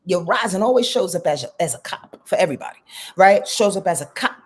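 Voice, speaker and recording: A woman astrologer giving lively, slangy live-stream readings, answering viewers by name and swearing freely. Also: medium pitch, a little fast, breathy edge. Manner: animated, slangy, swears freely, reads viewer comments aloud.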